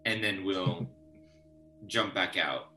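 A man's voice: deep voice, very slow, bright, forceful tone, soft background music. A man playing a tabletop game in a playful manner, acting out his character's actions.

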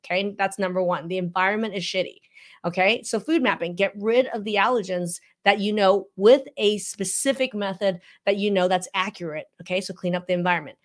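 A woman's voice: mid-range voice, fairly quick. Emphatic woman giving reaction commentary. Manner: emphatic, animated, teacherly; frequent "okay?" check-ins. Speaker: functional medicine practitioner.

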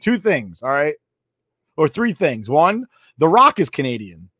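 A man's voice: a little high, very animated, a little slow, pushed and bright, slightly rough, dry recording, clean studio sound. A young man co-hosting a casual sports podcast, arguing in profane banter. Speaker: podcast co-host.

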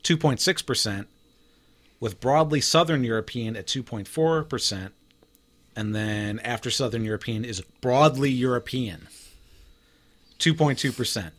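A man's voice: mid-range voice, measured pace, long pauses, fairly bright tone. A man hosting a casual group chat, reading out figures and laughing often. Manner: chatty, reads numbers out, laughs often. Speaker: host.

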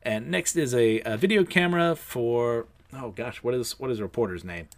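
In a mid-range voice at normal speed, a man with a lisp gives a casual anime episode recap. He reads the characters' lines aloud, keeps things chatty and self-deprecating, and laughs between lines.

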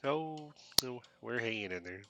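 A man voicing a kind, gentle middle-aged mother welcoming a guest into her home. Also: medium pitch, animated, measured pace, lo-fi sound, background noise, pitched above the performer's own voice.

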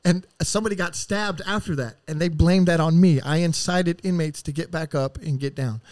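Profane, rambling man with a higher voice. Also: moderate pace, darkish tone, dry recording. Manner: profane, rambling, acts out quotes. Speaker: podcast guest. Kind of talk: casual storytelling.

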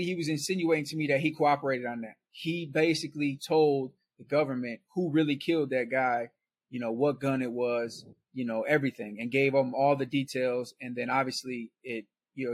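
A man's voice: mid-range voice, fairly even intonation, brisk, slightly rough. A man guest on a podcast, telling his story in a casual, conversational way and checking in with "right?".

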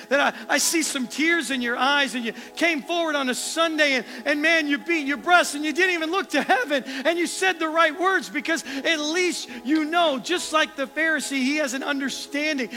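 High, bright-voiced preacher man. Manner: earnest, questioning, dropping to a soft hush for emphasis. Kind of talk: sermon.

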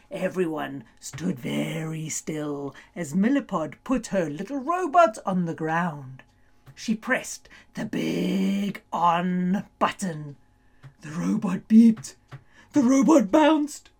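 A woman reading a children's story aloud, animated and playful, building suspense and often breaking into laughter. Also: on the low side, gravelly.

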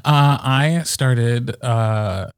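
Guy chatting on a podcast, mid pitch, lots of ums, super dry close sound. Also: very slow, clear, resonant tone, dry recording. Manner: relaxed, hesitant with many ums. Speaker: podcast co-host, audiobook narrator. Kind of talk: casual chat.

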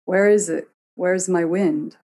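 A woman's voice: on the low side, measured pace, warm tone, a little hiss or hum. A woman voicing an irritable, imperious one-eyed male god on a storybook reading. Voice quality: gruff and impatient.

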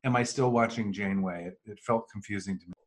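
A man's voice: fairly low pitch, fast talker. A man co-hosting a podcast in casual chat, thinking aloud with hesitant restarts. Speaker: podcast co-host.

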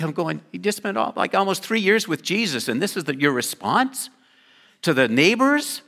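An older man, a pastor, giving a sermon in a conversational, lively way with joking asides. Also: high voice, normal speed, creaky.

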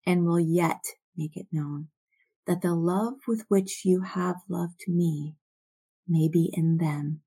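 A woman teaching from scripture in a slow, reflective way, sometimes dropping to soft near-whispers. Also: fairly low pitch, steady tone, husky. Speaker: Bible teacher.

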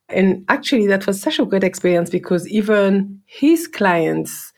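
Woman, French accent, gravelly low voice, earnest personal storytelling, repeats words for emphasis. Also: normal speed, darkish tone. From Guadeloupe, French Caribbean.

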